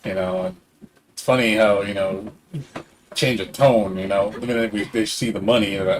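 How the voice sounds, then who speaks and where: A man's voice: on the low side, normal speed, soft background music. A middle-aged man streaming a game, rambling in casual chat and swearing freely. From Hispanic background.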